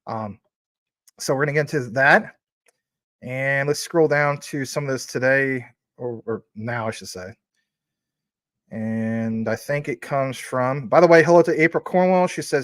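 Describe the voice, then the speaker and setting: A man's voice: mid-range voice, measured pace, a bit bright, no echo. A man in his forties hosting a casual livestream, chatting in a rambling way with lots of fillers while reading out and thanking viewers' super chats. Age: 40s. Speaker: crypto livestream host.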